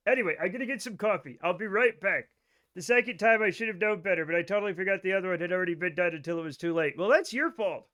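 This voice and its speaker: High, bright-voiced joking male streamer. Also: lively intonation, fast talker. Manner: joking, profane, rambling talk to chat. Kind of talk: live gameplay stream chatter.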